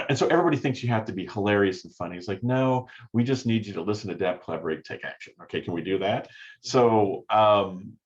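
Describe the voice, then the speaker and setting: A man's voice: on the low side, expressive, brisk. A man, a sales professor, telling classroom stories in a conversational interview and acting out his students' voices. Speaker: sales professor and podcast guest. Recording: dull, lo-fi audio.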